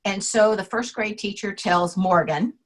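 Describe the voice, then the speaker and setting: A woman interview guest, an author on names, telling anecdotes in a lively way, acting out the quotes and laughing often. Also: mid-range voice, measured pace, rough recording. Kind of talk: casual storytelling interview.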